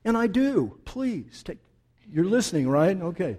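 An older male pastor preaching a sermon, telling a story with animated energy that settles into soft, prayerful speech. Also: sits high, normal speed.

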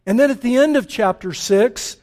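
A man preaching a sermon as pastor, impassioned, rising to urgent peaks and dropping to hushed passages. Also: extremely high pitch, moderate pace.

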